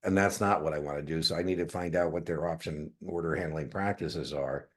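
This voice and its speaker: A middle-aged man, teaching an exam prep class in a jokey, animated way and acting out little dialogues with students. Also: a bass voice, fairly quick, breathy edge. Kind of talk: lecture class replay.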